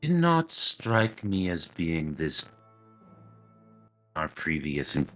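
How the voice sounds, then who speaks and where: A man voicing a composed, aloof woman sage in a tower, measured and faintly condescending. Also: low-pitched, sing-song, a bit bright, faint music behind, heavily acted.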